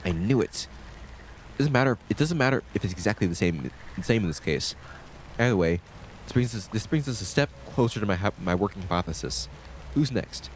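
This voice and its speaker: A man streaming a story game, casually reading the dialogue aloud and adding quick comments in his own voice. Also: fairly low pitch, a little hiss or hum. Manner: lively, reads game lines in his own voice with quick asides.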